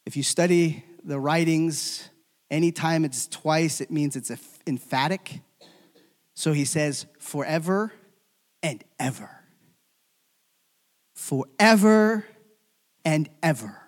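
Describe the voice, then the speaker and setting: A man's voice: fairly high pitch, slow. Preaching man with hall reverb. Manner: swings from loud emphatic calls to hushed, near-whispered endings. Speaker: pastor. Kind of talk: sermon.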